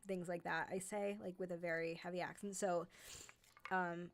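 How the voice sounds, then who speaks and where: A woman's voice: lowish voice, level tone, normal speed, slight background noise. A woman talks casually with her viewers on a livestream, with a light New York accent. Her speech is loose and friendly and often filled with "like" and "um". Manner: chatty, many fillers like "like" and "um". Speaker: host of a horror narration channel.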